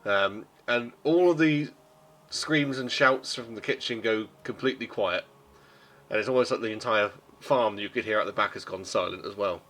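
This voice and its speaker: A man's voice: on the low side, moderate pace, a bit bright. A man narrating as game master and voicing the innkeeper, rambling and full of ums. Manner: rambling, many ums and restarts.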